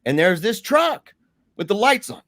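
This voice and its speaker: A man guest telling a story in casual talk, animated, with many restarts and fillers. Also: high-pitched, measured pace, no echo, clean studio sound.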